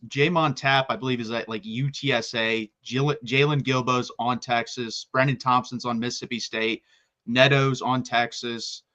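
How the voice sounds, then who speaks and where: A man with a bright, forceful voice talks college football in a casual chat. He is excitable and rapid-fire and keeps restarting his sentences. His pitch sits mid-range for a man. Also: muffled recording. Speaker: college football podcast co-host.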